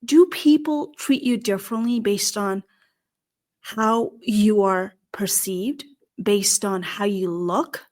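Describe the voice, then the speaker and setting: A woman's voice: mid-range voice, slow pace, darkish tone. A woman with a non-native English accent hosting a podcast monologue, talking in a wry, sarcastic way. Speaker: podcast host and career strategist.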